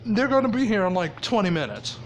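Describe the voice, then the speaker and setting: A man's voice: high-pitched, very animated, fairly quick, slight background noise, pitched above the performer's own voice. A man voicing a cocky teenage boy hero who talks with crude sarcasm, close to his own casual voice. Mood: smug. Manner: sarcastic, profane.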